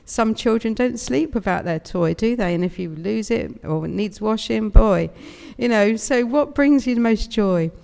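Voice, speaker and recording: A British woman in her fifties speaks as a guest speaker to a congregation, chatty and openly emotional. Her voice carries a gravelly fry, and it rings out with long reverb in a large hall. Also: a little high, animated, normal speed, few pauses, a little mellow. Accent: British English. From United Kingdom. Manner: chatty and emotional, laughs often. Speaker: guest speaker at a spiritualist service. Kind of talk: inspirational platform talk.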